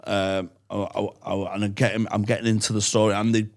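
A man's voice: fairly low pitch, little pitch movement, brisk. A man co-hosting a comedy podcast, rambling and playful in casual chat. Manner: rambling, playful, acts out quoted voices. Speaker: podcast co-host.

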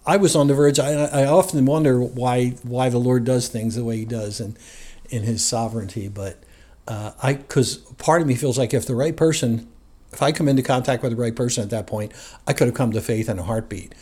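A man's voice: mid-range voice, a little fast. Man from New Jersey telling his story. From New Jersey, USA. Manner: relaxed and rambling, with frequent chuckles. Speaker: guest sharing his faith story. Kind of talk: conversational personal storytelling.

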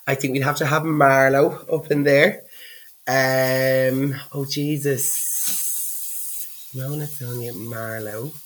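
A man's voice: medium pitch, fairly even intonation, takes it slowly, fairly bright tone, poor audio. A man from Dublin with an Irish accent, a podcast guest chatting casually, giggly, swearing freely and filling his talk with "like". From Ireland, Dublin. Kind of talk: casual chat.

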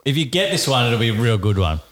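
A man's voice: medium pitch, sing-song, fast talker, fairly bright tone. A man co-hosting a podcast, flustered and swearing as he fumbles a bit. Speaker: podcast co-host. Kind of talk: casual comedy chat.

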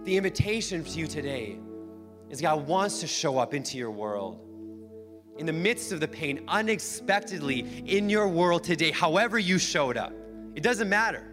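In a church sanctuary, a pastor delivers an emphatic sermon, repeating the same phrases over and over. His voice is a little high and animated at a normal speed, and long hall reverb and band music fill the recording.

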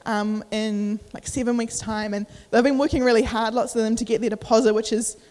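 A young woman youth preacher gives a casual sermon in an echoey church hall, her voice on the high side with little pitch movement, a little fast and a little mellow. She's chatty with many fillers, acts out inner voices, and sounds a little out of breath.

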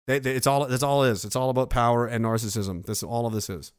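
A man's voice: mid-range voice, fairly even intonation, quick pace, smooth, no echo, clean studio sound. A middle-aged man hosting a casual livestream, reading out viewer messages and reacting with sarcastic, swearing rants. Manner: sarcastic, ranting, swears freely.

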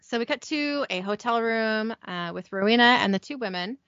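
A young woman hosting a podcast, casually recapping a TV episode from her notes, giggly and brisk. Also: fairly high pitch, animated, fairly bright tone, no room sound, lo-fi sound. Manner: giggly, reads scene descriptions briskly.

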